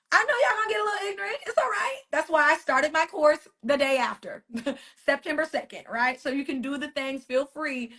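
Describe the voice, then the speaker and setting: A woman's voice: sits high, pushed and bright. A woman hosting a casual motivational live stream from her phone, talking emphatically, repeating phrases and chatting with viewers. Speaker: author and wellness coach hosting a weekly live stream.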